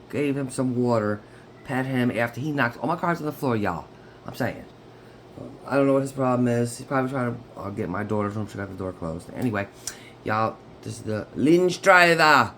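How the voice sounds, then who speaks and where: A man's voice: medium pitch, creaky, a little hiss or hum. A man talking through a tarot reading at home in a chatty way. He keeps checking in with his listeners. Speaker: tarot reader. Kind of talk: casual tarot reading to camera.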